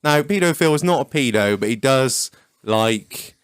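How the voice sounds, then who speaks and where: A man's voice: mid-range voice, animated, moderate pace, smooth, dry recording. Young guy rambling through a jokey story on a podcast, dry mic. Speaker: podcast guest. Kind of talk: casual chat.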